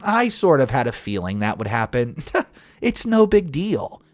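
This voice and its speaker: A man narrates a family story at an unhurried pace, his pitch rising and falling with lots of emphasis. The recording is dry and close. Faint music plays underneath. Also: dry recording. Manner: expressive, swinging between flat and emphatic.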